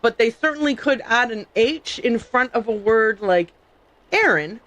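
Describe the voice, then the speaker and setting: A woman's voice: fairly high pitch, expressive, unhurried, fairly bright tone, no echo. A middle-aged woman streaming a story game, chatting playfully and laughing as she tells stories. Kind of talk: casual livestream commentary.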